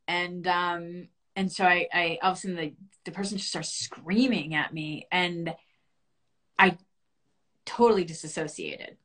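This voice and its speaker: A woman earnestly and reflectively telling a personal story as a guest in a conversation. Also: fairly bright tone. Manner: earnest and reflective, rising high and fast when reliving panic.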